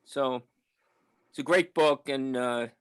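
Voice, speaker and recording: A man's voice: mid-range voice, takes it slowly, a bit bright, a little hiss or hum, rough recording. A man, telling a rambling, nostalgic story to a book author at a talk. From New York, the Bronx. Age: 70s. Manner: rambling, nostalgic, with restarts and fillers. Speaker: audience member at a book talk. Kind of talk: casual storytelling.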